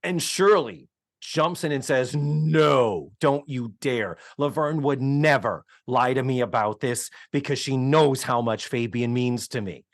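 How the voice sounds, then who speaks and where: A man's voice: medium pitch, unhurried, dry recording, studio quality. A man co-hosting a podcast, recapping a sitcom episode in casual chat and acting out the characters' lines. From Orlando. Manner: animated, acts out quoted lines. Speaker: podcast co-host.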